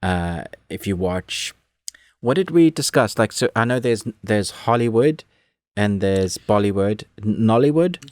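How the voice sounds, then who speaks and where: Low-voiced man rambling about a movie. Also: unhurried, no echo. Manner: rambling, animated, frequent restarts and laughs. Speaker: podcast co-host. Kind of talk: casual movie review chat.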